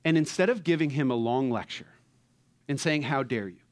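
A man preaching a sermon who acts out movie characters and swings between loud, excited bursts and hushed, tender tones. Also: medium pitch, moderate pace. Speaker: pastor.

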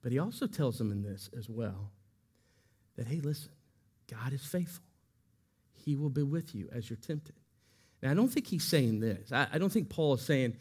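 Pastor preaching with swelling intensity. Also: male voice, medium pitch, lively intonation, moderate pace, husky. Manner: rises and swells when quoting scripture, drops soft at line ends. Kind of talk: sermon.

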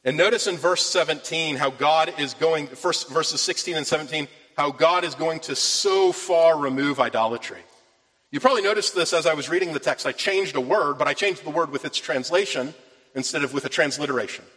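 A man's voice: fairly high pitch, a little fast, fairly bright tone. A man preaching a sermon from scripture, earnest and rising with emphasis on key phrases. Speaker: pastor. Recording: long reverb of a large hall.

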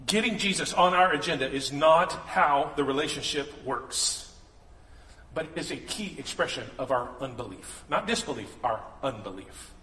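A man's voice: mid-range voice, lively intonation, moderate pace, sharp tone. A man preaching a sermon in a casual, joking way, acting out the voices he quotes. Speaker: pastor. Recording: echoey hall, long reverb.

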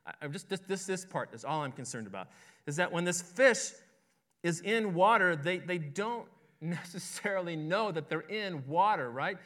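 A man's voice: high-pitched, animated, normal speed, a bit bright. A man preaching a sermon as pastor, in a conversational way that keeps checking in with listeners and repeats words as he goes. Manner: conversational, asks "right?" often, repeats words.

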